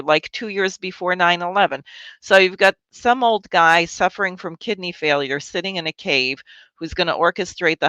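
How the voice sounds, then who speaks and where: Woman co-host, bright sarcastic live-stream chatter, dry muffled sound. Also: lowish voice, no echo. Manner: animated, sarcastic, laughs while talking. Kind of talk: casual political chat. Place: home in New York.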